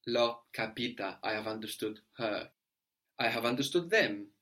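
A man teaching a language lesson, explaining patiently step by step and checking understanding with a quick "no?". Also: medium pitch, expressive, bright, forceful tone.

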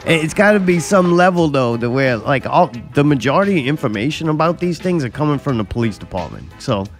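A man's voice: on the high side, sing-song, a little fast, soft background music. A man co-hosting a casual podcast, joking sarcastically and swearing a lot. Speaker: podcast co-host. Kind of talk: casual chat.

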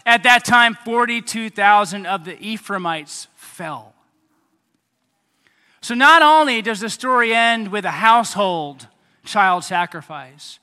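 A man preaching a sermon as pastor, animated, acting out voices and making sound effects. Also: sits high, clean tone. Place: church hall. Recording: hall reverb.

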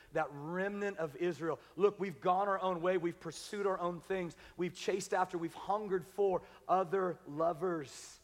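A man preaching a sermon as pastor, building up to loud, emphatic calls and then dropping to quiet, intimate passages. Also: high-pitched, big-room sound. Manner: preaching with rising, shouted emphasis. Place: large church sanctuary.

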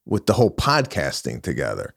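A man, a comedian guest on a podcast, chatting casually in a halting, easygoing way with many fillers. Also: rumbling low, huge pitch swings, gravelly, dry recording, clean studio sound. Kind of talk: casual chat.

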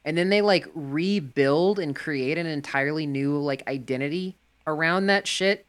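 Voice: medium pitch, normal speed, a bit bright, smooth. A speaker in casual chat, musing loosely with many fillers.

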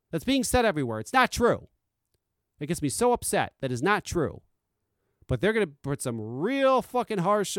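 A man rants on his own podcast in a fairly high, very animated voice that climbs for emphasis and drops low for asides. He is blunt and profane. The sound is dry and close. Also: clean tone, dry recording. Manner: blunt and profane, swings between loud insistence and quiet confiding. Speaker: podcast host. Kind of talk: casual solo podcast rant.

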